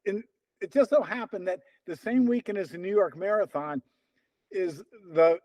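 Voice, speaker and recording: An older man with a high, lively voice spins anecdotes as an interview guest, slipping into the voices of the people he quotes. The sound is close and dry. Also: normal speed, no echo. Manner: animated storyteller, acts out quoted dialogue. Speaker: interview guest, runner and coach. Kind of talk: casual storytelling.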